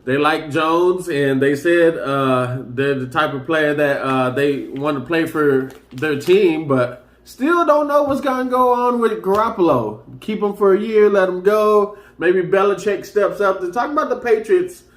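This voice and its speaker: An excitable man talks sports in a loose, rambling way, his slightly raised voice bouncing around a roomy, echoey space. He is casual and keeps getting fired up. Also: on the high side, unhurried, few pauses. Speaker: sports commentary host.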